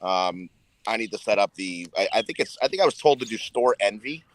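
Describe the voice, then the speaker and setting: A man's voice: lowish voice, lively intonation, brisk, dry recording. A man, a guest musician, chatting loosely over a video call, rambling and swearing casually. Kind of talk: casual chat.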